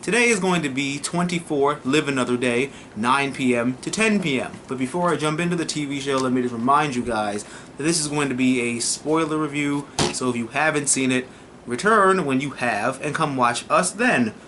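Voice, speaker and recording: A young man casually reviewing a TV episode, excitable and profane, often slipping into mocking voices. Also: medium pitch, normal speed, a little hiss or hum. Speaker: TV review vlogger.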